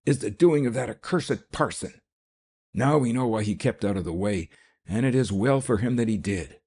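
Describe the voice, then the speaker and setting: A man's voice: on the low side, animated, normal speed, warm tone. A man reading an audiobook, voicing a hot-tempered, hysterical man who rants. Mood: furious. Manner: ranting, overwrought.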